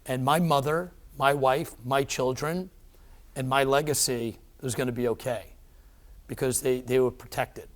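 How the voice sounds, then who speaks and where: A middle-aged man telling a personal story as an interview guest. He talks in an animated, emphatic way, with plenty of fillers and restarts. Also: medium pitch, measured pace.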